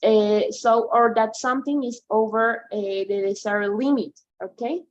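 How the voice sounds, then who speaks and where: A woman tutor with a fairly high voice talks slowly, walking a student through examples and checking understanding at every step. The sound is dull and lo-fi, as over an online call. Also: slight background noise. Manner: patient, explaining slowly with frequent "right?" and "okay?" checks. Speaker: English tutor. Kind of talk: online one-to-one lesson.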